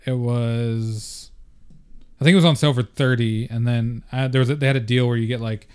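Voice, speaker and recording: A man's voice: medium pitch, fairly even intonation, normal speed, a little mellow, smooth. A young man co-hosting a podcast, chatting casually in a laid-back, joking way with a lot of swearing. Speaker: podcast co-host. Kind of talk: casual chat.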